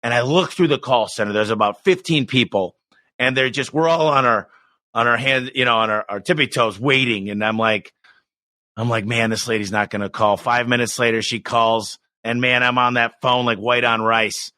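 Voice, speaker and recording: A man's voice: medium pitch, normal speed, dry recording. A man, a business owner, telling stories with energy and enthusiasm as a podcast guest. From United States. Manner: energetic, enthusiastic, animated storyteller. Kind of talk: storytelling in a podcast interview.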